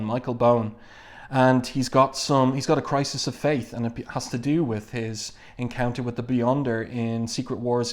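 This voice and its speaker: A man talks his way through a comic issue in a loose, unscripted way, stopping often for an "uh" or "um". His voice sits at a middle pitch and he reads the quoted lines in his own plain voice. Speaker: comics reviewer. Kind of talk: casual reading and commentary.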